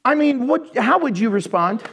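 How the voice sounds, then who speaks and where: High-voiced, animated male pastor. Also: normal speed, gravelly, slightly rough. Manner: animated, jokey, acts out voices. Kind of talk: sermon. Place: church before a congregation.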